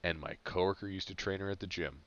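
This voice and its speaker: Deep-voiced young man, rambling chat. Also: a bit bright, dull audio. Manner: rambling, halting with restarts and fillers. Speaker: podcast co-host. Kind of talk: casual chat.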